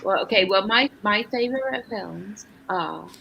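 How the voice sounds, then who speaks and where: A woman chatting casually as a guest, relaxed and gushing, with frequent fillers. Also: mid-range voice, unhurried, vocal fry, highs cut off, slight background noise. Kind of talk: casual chat.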